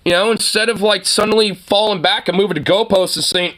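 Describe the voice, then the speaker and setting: A man rants hard and crude, his voice set a little high and pushed sharp and tense. He rambles through endless fillers and keeps breaking into scornful laughs. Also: brisk. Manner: rambling, heavy filler words, frequent mocking laughter. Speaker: online commentator. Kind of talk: profane political rant.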